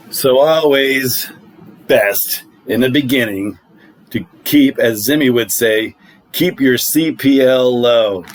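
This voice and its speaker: A middle-aged man spinning a dating story in a relaxed, wry tone, with plenty of fillers. His voice sits at an ordinary pitch for a man. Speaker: vlog host. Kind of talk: casual storytelling.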